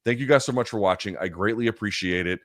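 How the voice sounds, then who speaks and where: A man's voice: on the low side, fast talker, a bit bright, no room sound, clean studio sound. A man hosting a live chat stream, answering viewer questions in heated, profane rants full of fillers and restarts. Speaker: live chat show host.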